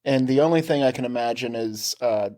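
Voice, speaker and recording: A man co-hosting a podcast in casual chat, animated and swearing, acting out quotes from his family. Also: mid-range voice, brisk. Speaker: podcast co-host. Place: basement.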